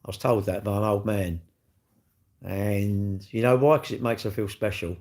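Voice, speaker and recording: A middle-aged man hosts a casual livestream, reading viewer comments aloud before answering them with cheeky, blunt, jokey banter. His voice is on the low side and darkish, steady in tone at a normal speed.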